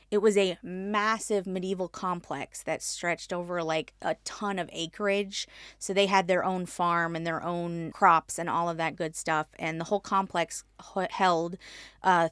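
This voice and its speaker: A woman co-hosting a casual history podcast, chatty and quick to laugh. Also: on the low side, a bit bright, smooth, no room sound, studio quality. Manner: giggly, chatty, laughs often. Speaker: podcast co-host.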